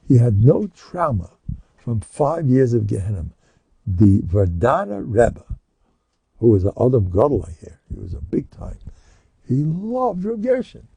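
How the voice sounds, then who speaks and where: Older American rabbi, gravelly lively storytelling. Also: male voice, mid-range voice, a little slow, no echo. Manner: animated storyteller who acts out scenes. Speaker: rabbi giving a lecture. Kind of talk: Torah lecture with storytelling. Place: lecture room with listeners.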